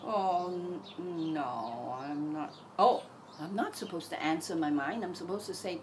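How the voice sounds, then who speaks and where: A woman's voice: lowish voice, measured pace, a little hiss or hum, low-quality recording. A middle-aged woman talking candidly in a casual monologue about her thoughts, acting out the voices in her head. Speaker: self-help teacher.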